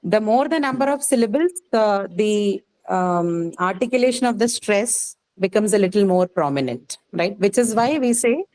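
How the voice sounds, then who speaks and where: A woman's voice: medium pitch, animated, moderate pace, few pauses, a little mellow, poor audio. Woman teacher explaining step by step. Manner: patient, explanatory, checks understanding with frequent "okay". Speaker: English teacher. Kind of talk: live online class lecture.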